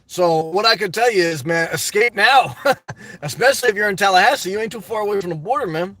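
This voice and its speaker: A man's voice: high-pitched, lively intonation, a little fast, fairly bright tone, no echo. A man live-streaming from inside a parked car, rambling through viewer comments, joking and laughing often, with lots of "man" and "guys".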